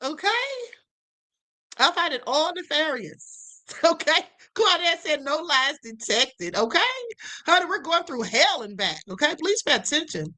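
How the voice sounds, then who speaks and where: A woman's voice: sits high, expressive, moderate pace, sharp tone. A woman hosting a live stream, giving casual commentary in an emphatic way and calling her viewers "honey.". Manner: emphatic, keeps saying "okay" and "honey"; laughs and teases her viewers. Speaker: livestream host.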